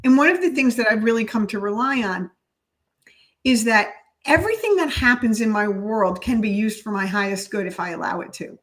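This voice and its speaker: Middle-aged woman, podcast guest, earnest and reflective, slightly higher voice. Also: fairly quick, low-quality recording. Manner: earnest, reflective, spiritual in outlook. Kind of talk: casual conversation.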